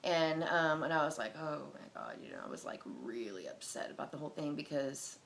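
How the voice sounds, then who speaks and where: This personal testimony vlogger, a woman in her thirties, has a deep, fairly bright voice with big pitch swings and a brisk pace. Her casual story rambles, packed with fillers, "likes" and restarts. A little hiss or hum is audible.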